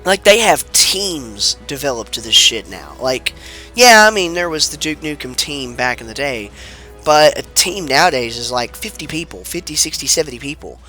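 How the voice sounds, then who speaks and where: A man's voice: on the high side, very animated, moderate pace, bright, forceful tone, soft background music. Laid-back man rambling over game credits. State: sounds sick. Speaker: let's play commentator. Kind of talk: rambling gameplay commentary.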